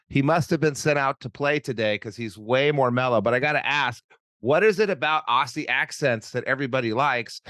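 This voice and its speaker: A podcast host who rambles through stories and teases his guest with jokes. His voice sits in a middle pitch and is recorded close and dry, with no echo around it. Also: fairly bright tone. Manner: joking, rambling, teasing. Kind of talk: casual interview chat.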